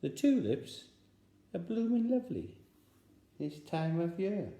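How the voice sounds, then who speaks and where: A man's voice: high-pitched, big pitch swings, slow, warm tone, voice pushed up, full character voice. A man voicing a German spy who fakes a local accent and insists on a code phrase. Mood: earnest insistence. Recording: roomy echo.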